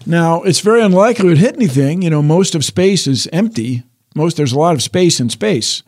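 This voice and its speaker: A man's voice: on the high side, lively intonation, fairly quick, a little mellow. An older man explaining science in a casual chat, wry and explanatory, often restarting sentences. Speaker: science guest.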